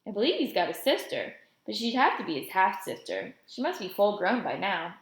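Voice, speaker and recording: A woman's voice: mid-range voice, sing-song, fairly quick. A woman reading the part of a jovial older man who keeps teasing and joking, recorded in a roomy space. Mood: musing. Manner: joking, drawling teases. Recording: roomy echo.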